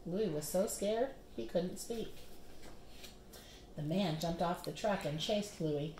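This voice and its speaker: A woman's voice: lowish voice, takes it slowly, pauses often, a little hiss or hum. Woman reading a children's book. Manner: lively, expressive storybook narration. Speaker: storyteller. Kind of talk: children's book read-aloud. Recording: roomy.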